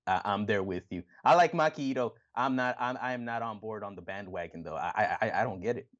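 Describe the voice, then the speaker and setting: A man co-hosting a casual wrestling chat, animated and profane, often acting out other people's lines. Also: on the low side, fast, dull audio. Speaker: podcast co-host.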